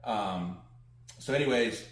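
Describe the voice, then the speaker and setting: A man's voice: lowish voice, slow. A man co-hosting a casual podcast, retelling a TV episode and quoting its characters loosely. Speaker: podcast co-host. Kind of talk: casual recap chat. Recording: roomy echo.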